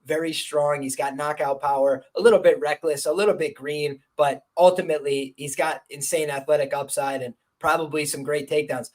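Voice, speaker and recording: Chatty higher-voiced male podcast host. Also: low-quality recording. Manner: friendly, chatty, gives shout-outs. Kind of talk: casual podcast chat.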